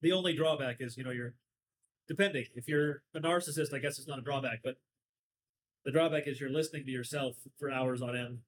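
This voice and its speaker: A man's voice: mid-range voice, a little fast, rough recording. Chatty Southern Californian man. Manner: talkative, sardonic, rambling storyteller. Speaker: podcast host. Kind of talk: casual chat.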